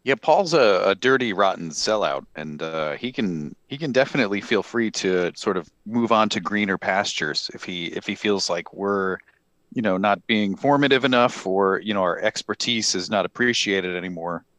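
A man co-hosting a comedy podcast, rambling through sponsor reads with a deadpan manner and lots of fillers. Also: low voice, normal speed, no echo. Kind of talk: improvised comedy podcast banter.

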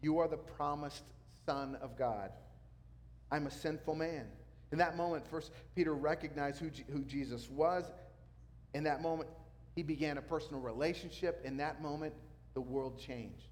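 A man's voice: on the high side, moderate pace. Male pastor preaching in a reverberant hall. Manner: animated preaching, acts out quotes. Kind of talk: sermon.

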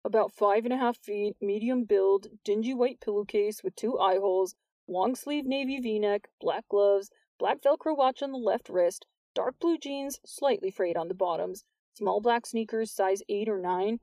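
A woman's voice: fairly high pitch, expressive, moderate pace, mellow, no echo. A woman narrator voicing a dry, wisecracking teenage boy who speaks in a wry, teasing way. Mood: bored.

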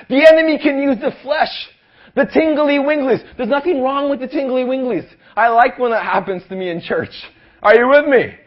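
A young man from Canada preaching with a high, lively voice, calling out for amens and building to shouts. The recording is dull and lo-fi. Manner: energetic preaching, asks the crowd for amens, rises to shouts. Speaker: pastor. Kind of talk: sermon. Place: youth rally hall.

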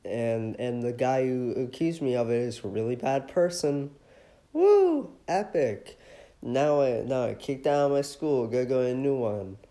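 A man's voice: medium pitch, moderate pace, few pauses, mellow, close to an everyday voice. A man voicing a carefree young male game hero who shrugs off his troubles in an offhand, breezy way. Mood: flippant.

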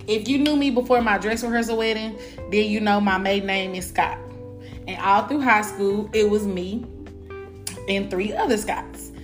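A woman, telling a frank, profane storytime. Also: mid-range voice. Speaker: vlogger. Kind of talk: casual storytime.

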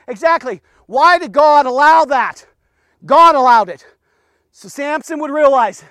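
A man preaching a devotional podcast sermon, fervent and emphatic, swinging from shouts to hushed asides. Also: very high voice, measured pace, dry recording.

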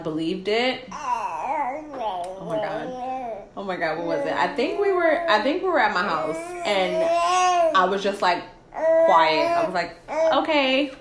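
On a podcast, a woman in her thirties recounts how her relationship unfolded in easygoing conversation, breaking into laughter and performing others' lines with real feeling. She speaks in a mid-range voice that sounds reverberant.

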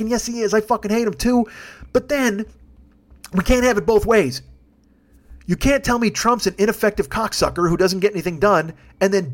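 A man in his fifties holds forth alone on his podcast. His voice sits high for a man, and the words tumble out quickly. The rant is fired up and laced with constant swearing. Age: 50s. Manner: heavy swearing, fired-up ranting. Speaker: podcast host. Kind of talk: solo ranting monologue.

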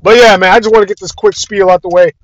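A man's voice: sits high, fairly even intonation, quick pace, no echo. A young man delivering an exasperated, profanity-heavy casual rant about a fandom, repeating himself as he goes. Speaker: podcast ranter. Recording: dry, dull lo-fi audio.

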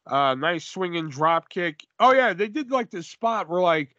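A man co-hosting a podcast, chatting casually and profanely about wrestling, rambling and animated. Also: high-pitched, measured pace, no room sound, highs cut off. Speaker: podcast co-host. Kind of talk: casual wrestling review chat.

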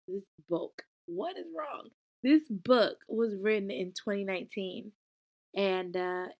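Animated young woman reviewing a book. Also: medium pitch. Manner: expressive, animated, talks back to the book. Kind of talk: casual book review talk.

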